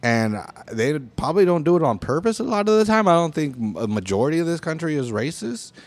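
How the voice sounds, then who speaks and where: Young man, american-born, casual rant, lively swinging pitch, lots of swearing. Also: brisk, no room sound. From United States. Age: young adult. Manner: animated, profane, emphatic. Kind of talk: casual ranting monologue.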